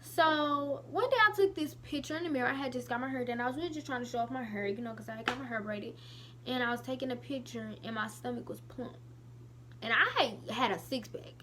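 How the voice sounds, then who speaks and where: A young woman in her late teens, telling a personal story to camera in a chatty, animated way. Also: a little high, fairly quick, slight background noise. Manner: chatty, animated retelling with lots of "I was like". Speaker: vlogger.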